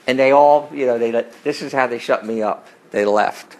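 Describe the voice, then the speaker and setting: A middle-aged man preaches, telling stories from his own life. His pitch sits in a middle range. He drives his points hard, then drops into quieter asides. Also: moderate pace, low-quality recording. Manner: emphatic, rising to forceful peaks and dropping to low asides. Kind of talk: sermon with storytelling.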